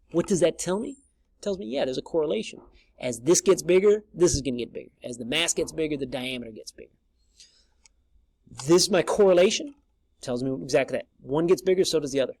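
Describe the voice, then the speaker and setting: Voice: mid-range voice, no room sound. A math instructor talking through a screen-recorded lesson in a casual, chatty way, often stopping to correct themselves.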